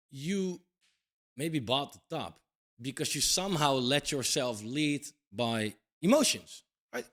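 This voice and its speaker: A man's voice: on the high side, fairly bright tone. A man in his thirties giving a casual crypto commentary monologue, blunt and emphatic, swearing casually and tagging points with "right?". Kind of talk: casual talking-head monologue.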